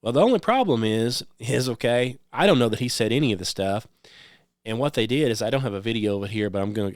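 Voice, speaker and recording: A man's voice: mid-range voice, no room sound, studio quality. A man hosting a radio show, talking in a rambling monologue that is peppered with "um" and "okay?". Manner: conversational, repeats "okay?" and "um" often.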